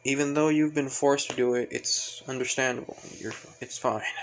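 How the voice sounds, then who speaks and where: A man's voice: medium pitch, level tone, moderate pace, a little hiss or hum, lightly acted, rough recording. A man voicing an earnest, determined teenage boy hero in a spoken fan story. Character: young teen male hero, earnest and determined.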